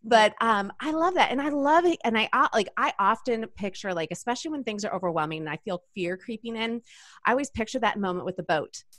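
A middle-aged woman speaking as a guest on a faith show, lively and laughing often as she acts out quoted voices. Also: fairly high pitch, fast, dry recording, studio quality. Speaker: guest author and women's ministry leader. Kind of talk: faith podcast conversation.

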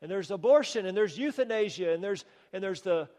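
High-voiced preacher in a reverberant hall. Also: male voice, animated, fairly quick, mellow. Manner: emphatic, rhetorical questions, wry humor. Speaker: pastor. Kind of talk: sermon. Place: church sanctuary. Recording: long reverb of a church hall.

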